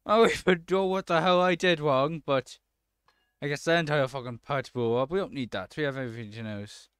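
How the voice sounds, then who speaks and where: A man's voice: a little high, fairly quick, a bit bright, clean tone, dry recording, clean studio sound. A man doing let's-play commentary, swearing and breaking into frustrated outbursts at the game.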